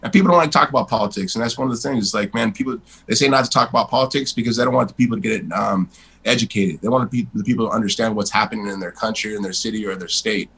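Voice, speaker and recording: A man in his forties, a guest in a casual interview, telling stories in a blunt, animated way and swearing freely. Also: fairly low pitch, very fast, gravelly, slightly rough, poor audio.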